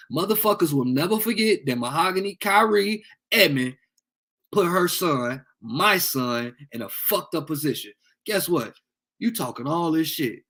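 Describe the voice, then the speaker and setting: A man's voice: on the high side, fairly bright tone. A young man on a heated livestream rant, angry and profane, taunting commenters. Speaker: livestream host.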